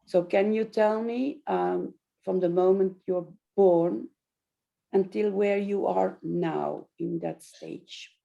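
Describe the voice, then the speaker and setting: Slow, gravelly-voiced woman interviewer. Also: on the low side, steady tone, dark tone. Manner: slow, measured, with fillers. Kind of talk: gentle interview questions. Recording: dull lo-fi sound.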